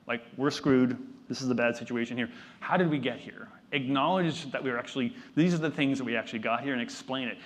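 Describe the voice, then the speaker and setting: A man's voice: medium pitch, fairly bright tone. Casual, joking male conference keynote speaker. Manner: conversational and self-deprecating, with joking asides. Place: conference stage before a live audience.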